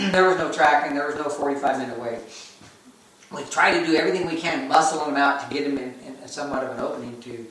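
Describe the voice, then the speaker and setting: Animated middle-aged man in an echoey room. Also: fairly high pitch. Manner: animated, acts out his own reactions. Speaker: elk hunter and show host. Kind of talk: storytelling hunt recount. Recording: very echoey, voice from a distance.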